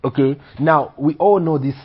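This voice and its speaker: A male preacher delivers a sermon in a husky voice. He leans on rhetorical questions and keeps checking in with his listeners. The recording sounds dull and lo-fi. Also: on the high side, moderate pace. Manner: rhetorical questions, frequent "Okay?" check-ins.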